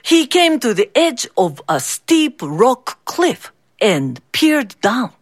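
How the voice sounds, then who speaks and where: Slow, expressive woman storyteller. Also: on the high side, dry recording, studio quality. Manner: slow, expressive, switches into character voices. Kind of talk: storybook read-aloud.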